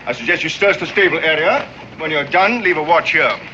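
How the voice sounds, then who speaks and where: An actor playing a pompous, sarcastic commodore. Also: male voice, fairly high pitch, expressive, a little fast, lo-fi sound, noisy background, close to an everyday voice. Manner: dry, cutting sarcasm with formal speech.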